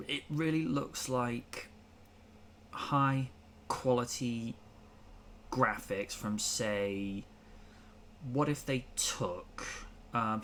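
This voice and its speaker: A man's voice: medium pitch, fairly bright tone, slight background noise. A man hosting a casual talk show, chatting in an opinionated, rambling way with plenty of fillers. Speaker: podcast host. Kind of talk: casual chat.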